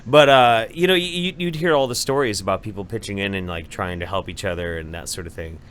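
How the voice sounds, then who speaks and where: A man casually telling a long anecdote on a podcast, profane and animated, acting out voices as he goes. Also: lowish voice, brisk, slight background noise. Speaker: podcast co-host. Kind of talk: casual storytelling chat.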